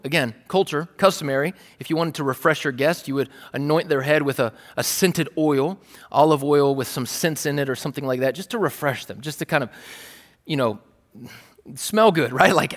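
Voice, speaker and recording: A man's voice: fairly high pitch, moderate pace. A male pastor preaching a sermon in a conversational, playful style, acting out the scenes he tells. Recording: long reverb of a large hall.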